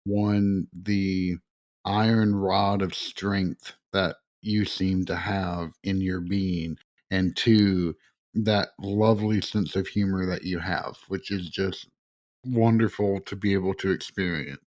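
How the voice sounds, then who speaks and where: A man hosting a podcast interview, speaking in a measured, unhurried way. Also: low voice, steady tone, darkish tone, highs cut off. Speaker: podcast host.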